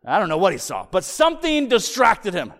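A man preaching a sermon, telling the story vividly and slowing down to stress his main points. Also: high voice. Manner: animated storytelling, emphatic, slows for key points. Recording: long hall reverb.

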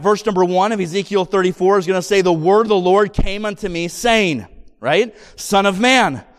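A man preaching a sermon in church, reading scripture slowly and building to emphatic points. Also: sits high. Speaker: pastor. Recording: long reverb of a church hall.

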